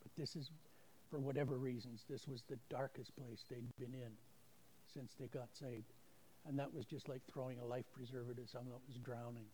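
A man's voice: mid-range voice, level tone, moderate pace, mellow, slight background noise. A man giving a folksy, self-deprecating testimony at a church service, acting out the voices in his stories. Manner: folksy, self-deprecating storyteller who acts out quoted voices. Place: church service, streamed online.

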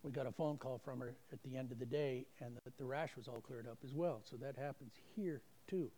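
At a church service streamed online, a man gives a folksy, self-deprecating testimony and acts out the voices of people in his stories. His voice is medium-pitched and dark-toned, and he speaks briskly.

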